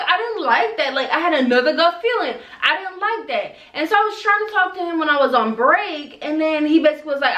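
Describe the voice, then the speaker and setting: A young woman telling a storytime vlog in a casual, animated and exasperated way, acting out both sides of an argument. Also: high voice, brisk, hardly any pauses, echoey room, distant mic, lo-fi sound. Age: young adult. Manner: animated, exasperated retelling with quoted back-and-forth. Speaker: vlogger.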